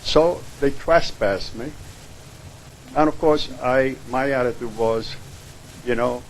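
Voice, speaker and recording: A man's voice: mid-range voice, slow pace, a little hiss or hum, poor audio. A man giving aggrieved, insistent testimony at a public hearing. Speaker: public commenter. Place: hearing room.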